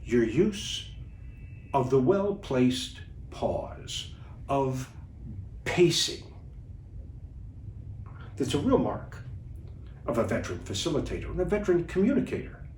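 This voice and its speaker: A man coaching viewers as a communication trainer in an instructional video talk, deliberate and animated. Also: medium pitch, a little hiss or hum. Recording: echoey room, distant mic.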